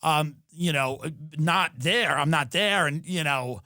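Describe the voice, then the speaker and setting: This comedic monologue comes from a New York podcast host working in a Los Angeles home studio, his fairly high voice dripping with exaggerated sarcasm. Rapid bursts alternate with slow, elongated lines, sometimes with shouting for effect, and the audio is close and free of room reverb.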